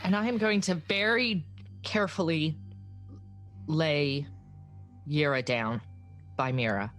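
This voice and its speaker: A woman's voice: low voice, takes it slowly, faint music behind. A woman playing a tabletop game, talking in a blunt, firm way. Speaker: player. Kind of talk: tabletop role-play.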